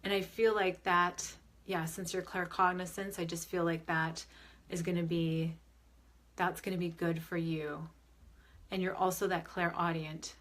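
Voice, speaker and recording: A woman's voice: on the low side, little pitch movement, unhurried, fairly bright tone. Chatty woman medium on a livestream. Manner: chatty, upbeat, many fillers and restarts; reads viewer comments aloud and answers them. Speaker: medium and spiritual advisor. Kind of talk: live-stream Q&A with viewers. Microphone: phone or webcam on a live video stream.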